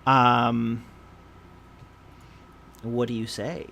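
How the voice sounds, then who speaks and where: A man in a middle-pitched voice runs a tabletop game at a slow, unhurried pace. He hesitates often and fills the gaps with fillers. Faint noise hangs behind him. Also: level tone, creaky, bright, forceful tone. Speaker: game master.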